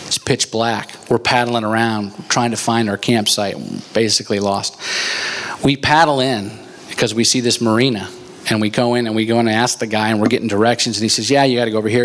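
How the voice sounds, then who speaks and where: A man preaching a sermon, telling a story with lively energy and laughing at his own jokes before reading scripture. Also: lowish voice. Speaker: pastor.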